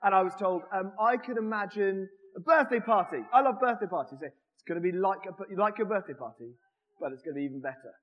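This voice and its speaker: A man with a notably high voice preaches a lively, conversational sermon, joking with his congregation. The sound carries the long reverb of a church hall. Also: a little fast, highs cut off. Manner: animated, jokes with the congregation.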